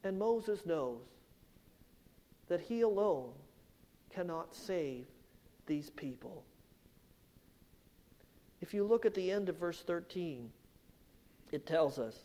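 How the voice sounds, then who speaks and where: A man preaching a sermon, slow and emphatic, swelling louder on key points and dropping low and soft at the ends of phrases. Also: animated. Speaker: pastor.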